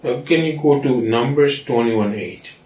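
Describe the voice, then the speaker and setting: Slow-talking pastor in echoey room. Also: male voice, medium pitch, a little mellow, far from the mic. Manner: keeps checking with listeners. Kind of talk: Bible study teaching.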